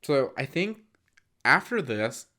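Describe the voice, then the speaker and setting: A man's voice: mid-range voice, sing-song, slow pace, bright, forceful tone. A young man co-hosting a movie podcast, casually retelling scenes and acting out bits of dialogue. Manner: retells scenes, acting out lines, filler-heavy. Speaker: podcast co-host.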